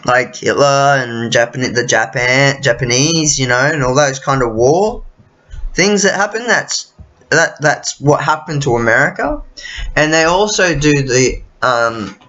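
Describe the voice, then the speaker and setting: A man's voice: medium pitch, expressive, measured pace, sharp tone, muffled recording. An Australian man vlogging in a casual, profane, rambling rant full of restarts and fillers. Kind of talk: casual ranting monologue.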